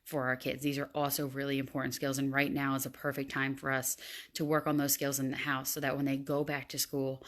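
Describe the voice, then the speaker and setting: A woman's voice: very deep voice, completely flat delivery, fairly quick, a bit bright. A woman in her thirties, a teacher and parent, talking casually to camera with lots of fillers. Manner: chatty, many fillers. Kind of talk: casual vlog talk.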